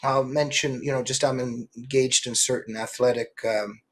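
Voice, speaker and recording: A middle-aged man, an author interviewed as a guest, telling animated stories with many quick restarts. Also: medium pitch. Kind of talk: political interview.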